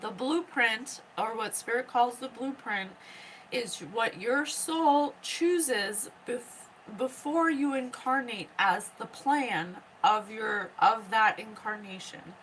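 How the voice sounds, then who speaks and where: A woman hosting a psychic podcast, slowly and earnestly relaying messages from spirit and often pausing to check in with "okay?". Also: fairly high pitch, a bit bright, a little hiss or hum, low-quality recording. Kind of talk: slow spiritual teaching monologue.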